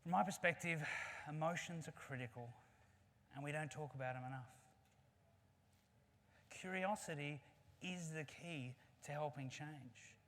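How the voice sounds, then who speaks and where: A man's voice: a little high, measured pace, long pauses, fairly bright tone, slight background noise. Aussie guy giving a talk, earnest and chatty, tells a story, echoey hall. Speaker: conference speaker. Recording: long reverb of a large hall.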